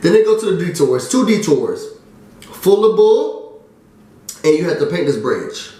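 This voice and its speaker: A man recapping a TV show in a casual, excitable chat, trailing off with fillers. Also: a little high, a little fast. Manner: chatty and excitable, drops fillers and "da, da, da". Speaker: TV recap vlogger. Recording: very echoey room.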